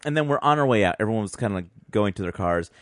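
A man's voice: lowish voice, lively intonation, racing, fairly bright tone, dry recording, studio quality. A man co-hosting a podcast, telling a long story in a rambling way, with many fillers and restarts and frequent laughs. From Mexican heritage, grew up in US. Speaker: podcast co-host. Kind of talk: casual storytelling.

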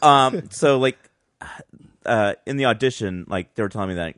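A man's voice: mid-range voice, moderate pace, fairly bright tone, clean tone, dry recording, studio quality. A man in casual podcast chat telling a rambling anecdote with a chuckle.

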